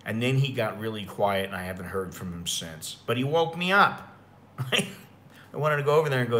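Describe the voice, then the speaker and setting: A man's voice: medium pitch, lively intonation, moderate pace, fairly bright tone. An American man telling rambling, profane stories in a casual livestream chat. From United States. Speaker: expat vlogger.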